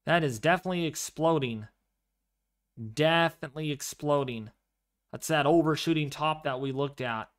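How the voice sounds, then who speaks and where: A man hosting a live severe weather stream, commenting excitedly on radar and storms and repeating his phrases. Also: a little high, normal speed. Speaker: livestream weather host.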